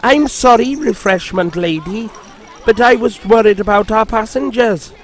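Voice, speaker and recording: A man doing a frantic high young engine. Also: a little slow. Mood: anxious. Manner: frantic, breathless. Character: eager anxious young male engine. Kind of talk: storybook reading.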